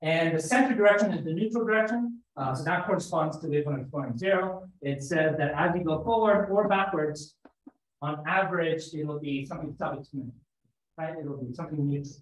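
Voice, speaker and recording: A man's voice: on the high side, a little fast. A man giving a mathematics seminar talk, explaining step by step and thinking aloud as he goes. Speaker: lecturer. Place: seminar room. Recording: echoey lecture room, slightly dull sound.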